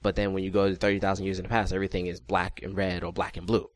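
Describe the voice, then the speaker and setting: A man in casual podcast chat about video games, relaxed and rambling, self-deprecating and casually swearing. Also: low voice, very fast.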